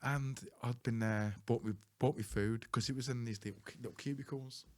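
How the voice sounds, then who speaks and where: A man's voice: mid-range voice, fairly even intonation, fairly quick, a little mellow. A man hosting a podcast, telling a story in a chatty way, laughing and swearing casually. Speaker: podcast host.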